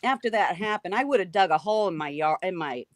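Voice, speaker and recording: A woman guest recounting a frightening encounter in an animated, emphatic way, repeating key phrases. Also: fairly low pitch, fast, dry recording. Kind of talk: emotional storytelling.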